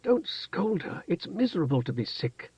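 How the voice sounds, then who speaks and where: A man voicing a shy young woman who speaks softly, just above a whisper, in an audiobook. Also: fairly high pitch, moderate pace, creaky, husky, no room sound, muffled recording, pitched above the performer's own voice. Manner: soft, near-whispering, gentle. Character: shy soft-spoken young woman, Tehanu.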